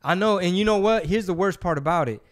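A man's voice: high-pitched, fast. A man, hosting a casual podcast and telling stories in loose, slangy, profane talk. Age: 40s. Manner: loose storytelling, slangy, swears freely. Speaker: podcast host.

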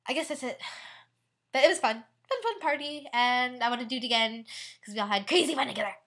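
A woman's voice: a little high, expressive, fast, a bit bright. A teenage girl vlogging in a casual, rambling way, bubbly and giggly, with lots of "like" and fillers. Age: teen. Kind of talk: casual rambling vlog chat.

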